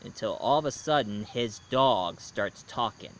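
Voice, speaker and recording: A man telling a scary story to his listeners, dramatic, swinging between loud and hushed lines. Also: on the low side, animated, unhurried, slight background noise. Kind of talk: spooky storytelling.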